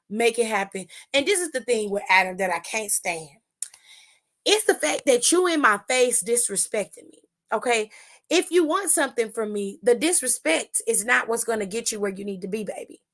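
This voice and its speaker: A woman's voice: on the high side, moderate pace. A woman hosting a wrestling recap show, telling it in a blunt, sassy and profane casual chat, often acting out what people said. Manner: animated, acts out the wrestlers' lines.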